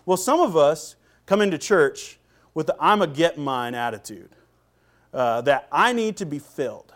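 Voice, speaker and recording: A man preaching a sermon in a conversational way, with frequent fillers and restarts and quiet asides. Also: fairly high pitch, very animated, measured pace. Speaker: pastor.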